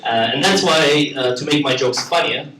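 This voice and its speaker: A man with a Russian accent performing stand-up comedy for a live audience, with a deadpan delivery. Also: a little high, normal speed, echoey room, distant mic, slight background noise, rough recording. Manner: deadpan delivery, with acted-out character voices. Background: audience laughter.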